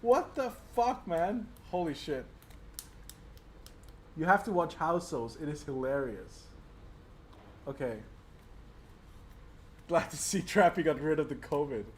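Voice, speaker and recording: A man with a slightly high voice trades jokes on a live stream. He swears freely, laughs often and slips into quoted voices. A faint background hum sits under his voice. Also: lively intonation, takes it slowly, pauses often. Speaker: livestream co-host. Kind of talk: casual banter on a livestream.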